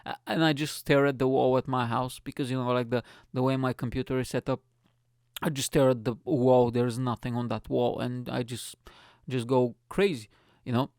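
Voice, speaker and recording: A man's voice: medium pitch, flat delivery, moderate pace, darkish tone, dry recording, clean studio sound. A young man hosting a podcast, ranting in a rambling comic monologue, swearing and laughing at his own jokes. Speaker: podcast host.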